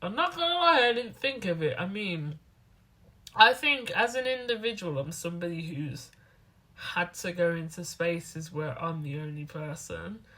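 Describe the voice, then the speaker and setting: A woman, chatting to camera as a student vlogger, rambling and animated. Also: fairly low pitch, moderate pace. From England. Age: 20s. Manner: rambling, animated, acts out other people's lines. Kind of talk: casual talking-to-camera vlog.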